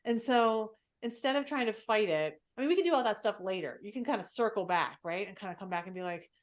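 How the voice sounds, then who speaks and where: A woman's voice: mid-range voice, animated, quick pace. A woman hosting a podcast, talking openly and reflectively in a casual way with lots of fillers. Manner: reflective and open, filler-heavy speech. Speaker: podcast host. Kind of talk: candid conversational podcast chat.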